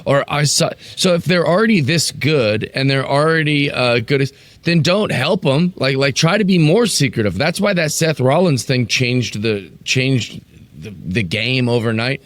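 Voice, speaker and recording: A man's voice: mid-range voice, expressive, moderate pace, fairly bright tone, dry recording. A man with a mid-range voice co-hosts a wrestling podcast. His voice is dry and close to the mic. He talks in earnest, rambling runs of opinion. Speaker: podcast co-host. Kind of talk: casual podcast chat.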